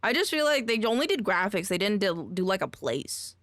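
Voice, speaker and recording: A woman's voice: medium pitch, very animated, brisk, fairly bright tone, dry recording, clean studio sound. A woman streamer chatting casually, goofy and exclamatory, often swearing and trailing off mid-sentence. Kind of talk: casual live-stream chat.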